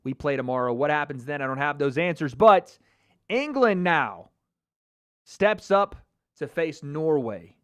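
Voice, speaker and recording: An American man giving an excitable live reaction to a football match as a YouTube host, swearing and breaking into shouts. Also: fairly high pitch, a little slow. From United States.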